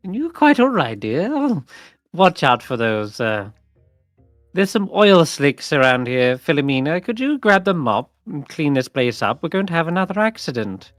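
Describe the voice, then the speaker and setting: A man voicing a fussy, sweetly polite old grandmotherly witch in a high sing-song falsetto. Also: big pitch swings, moderate pace, dry recording, clean studio sound, soft background music.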